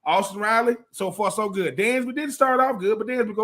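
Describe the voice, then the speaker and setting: Man, sports talk co-host, high voice, emphatic, drives points home by repetition. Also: fairly quick, a bit bright. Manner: emphatic, repeats phrases for effect. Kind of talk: casual sports radio chat.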